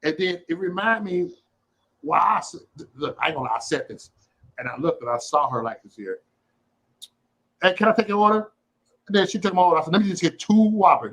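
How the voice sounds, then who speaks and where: Animated, profane man telling a story. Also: a little high, husky, poor audio. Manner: animated, profane, acts out quotes. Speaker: host. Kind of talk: casual livestream storytelling.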